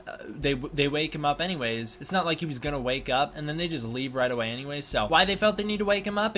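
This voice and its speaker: A man's voice: a little high, bright, forceful tone, a little hiss or hum. A man giving a casual, sarcastic spoken movie review, often mocking the characters in silly voices.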